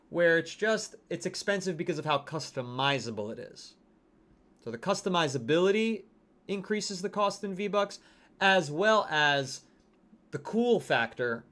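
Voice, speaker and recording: A man's voice: a little high, a bit bright. A man hosting a game livestream, chatting casually and reading out viewer comments. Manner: chatty, reacting to game skins and chat. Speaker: livestream host.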